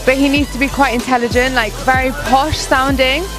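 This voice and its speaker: Woman being interviewed, high voice, thinking it over, music behind. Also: fairly even intonation, brisk. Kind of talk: street interview answers.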